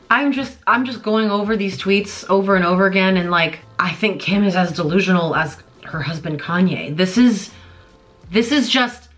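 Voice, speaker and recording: A woman's voice: mid-range voice, moderate pace, soft background music. A woman in her twenties giving sarcastic, exasperated commentary on celebrity drama in a vlog. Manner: exasperated, sarcastic, animated ranting. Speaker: commentary YouTuber. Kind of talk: pop culture commentary vlog.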